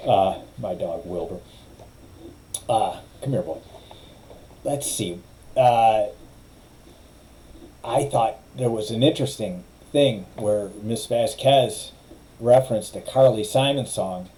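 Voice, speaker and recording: A man's voice: fairly low pitch, takes it slowly, dark tone, slight background noise, low-quality recording. A middle-aged man, a lawyer, giving opinionated, wry commentary in a casual way and mimicking others' phrasing.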